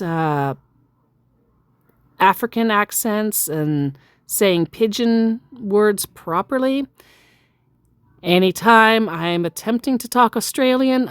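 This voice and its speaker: A woman recounting a story in a casual, chatty way, full of fillers and self-deprecating asides. She talks at an unhurried pace, and her voice sounds close and dry. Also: medium pitch, clean tone, dry recording. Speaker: storyteller recounting a chat with a scammer. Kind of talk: casual storytelling, reading out text messages.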